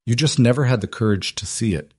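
A man voicing a young werewolf woman, wronged and defiant, speaking in a quiet, measured, cold tone, in a storybook reading. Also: medium pitch, breathy edge, no echo, clean studio sound, lightly acted.

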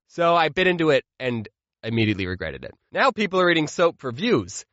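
A young man spins funny stories about his childhood, his high voice leaping up and down all the time. He drops deadpan asides between the jokes. The sound is close and dry, with a slightly muffled top end. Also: brisk, no room sound. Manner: jokey, deadpan asides between acted-out quotes. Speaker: comedy storyteller. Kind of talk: animated comedic storytelling.

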